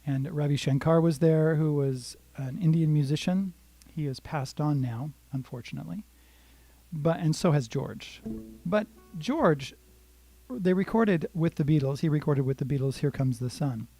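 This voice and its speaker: A man's voice: a little high, normal speed, dark tone, no room sound. An older man giving a casual, rambling guitar lesson on a live stream. He greets viewers by name and talks them through strumming patterns. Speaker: guitar teacher.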